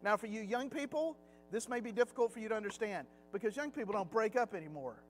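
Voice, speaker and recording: A man's voice: sits high, expressive, quick pace, a little hiss or hum. A middle-aged man teaching a Sunday Bible class in a conversational way. He acts out quotes and chuckles at his own jokes.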